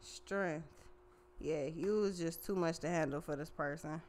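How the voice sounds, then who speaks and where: Woman tarot reader, fairly low voice, foul-mouthed, slangy, lively casual delivery. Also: unhurried, a little hiss or hum. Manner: profane, slangy and animated.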